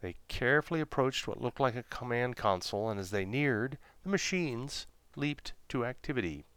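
A man reading a serialized children's story aloud in a gentle, unhurried storytelling manner. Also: mid-range voice, lively intonation, clear, resonant tone, no echo. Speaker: narrator.

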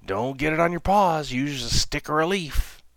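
A man's voice: on the high side, normal speed, fairly bright tone, dry recording, pitched above the performer's own voice. A man voicing a brave little male stuffed bear, urgent and eager.

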